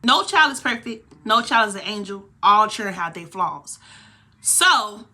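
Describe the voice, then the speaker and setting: A woman's voice: medium pitch, expressive, unhurried, sharp tone, slightly rough. A young woman vlogger telling a heated, profane story from her own life. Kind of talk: storytime vlog.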